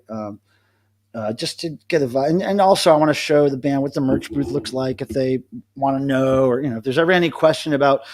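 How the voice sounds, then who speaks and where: A middle-aged man rambling and joking with viewers by name as he hosts a casual live stream from home, alone. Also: fairly high pitch. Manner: rambling, self-amused, chats to commenters by name. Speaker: livestream host.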